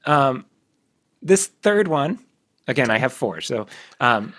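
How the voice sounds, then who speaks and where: A man hosting a casual podcast, reading his own poems aloud in a halting way, self-deprecating and quick to laugh. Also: mid-range voice, very animated, fairly bright tone. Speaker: podcast host.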